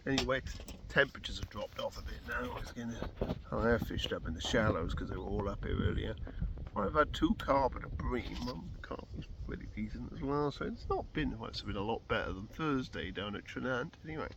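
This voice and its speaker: A male angler vlogger with a medium-pitched voice, lively intonation and vocal fry talks a little fast in a casual fishing vlog. Outdoors at a pool, with a noisy background, he chats in a rambling, easygoing way.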